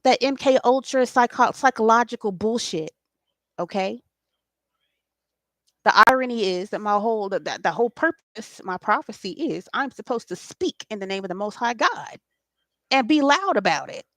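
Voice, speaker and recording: A woman's voice: a little high, lively intonation, moderate pace, fairly bright tone, dry recording, studio quality. A woman, hosting a spiritual late-night talk in an impassioned, preachy way and swearing freely. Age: 40s. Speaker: spiritual host.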